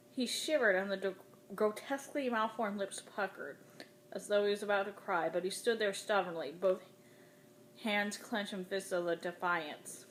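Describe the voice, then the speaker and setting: A woman reads a dark novel aloud in the first person, her voice sitting at a middle pitch. Her delivery is dramatic and expressive, with a faint hiss of noise behind it. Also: normal speed. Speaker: audiobook reader.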